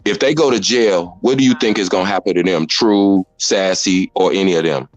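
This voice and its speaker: Deep-voiced blunt man hosting commentary. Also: normal speed, poor audio. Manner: blunt, rambling, explains at length. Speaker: commentary host. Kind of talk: casual commentary chat.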